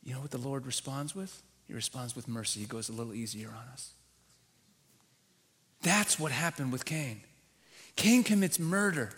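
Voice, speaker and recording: A man, a rabbi, preaching a sermon in a church, teaching with animated emphasis and acting out quoted voices. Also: medium pitch, normal speed.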